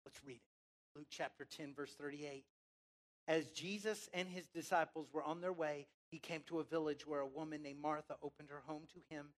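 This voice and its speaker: A preacher giving a sermon with emphatic, drawn-out words, swinging between loud and soft, who asks the congregation questions and has them repeat phrases. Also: medium pitch, steady tone.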